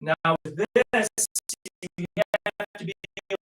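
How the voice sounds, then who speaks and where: Male chiropractor, high voice, upbeat coaching, a bit out of breath, echoey room, mic far off. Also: a little slow, fairly bright tone, soft background music. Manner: upbeat, coaching, talks while moving. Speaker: chiropractor demonstrating exercises. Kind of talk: instructional exercise demo.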